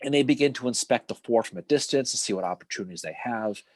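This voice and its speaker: Brief: man, husky voice, very lively pitch, animated casual storyteller, dry close sound. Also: fast, no room sound. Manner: animated storytelling with acted-out quotes and swearing. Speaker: podcast co-host. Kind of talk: casual history podcast chat.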